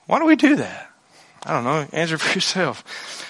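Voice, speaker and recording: Speaking at normal speed in a slightly high voice, a man preaches as pastor. His delivery is animated, with quoted voices acted out and sharp swings from loud to quiet.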